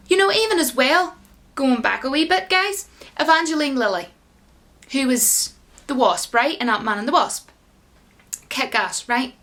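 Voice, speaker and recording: Indignant high-voiced woman ranting. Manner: indignant, animated, talks to viewers as guys. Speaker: YouTube commentator. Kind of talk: ranting vlog commentary.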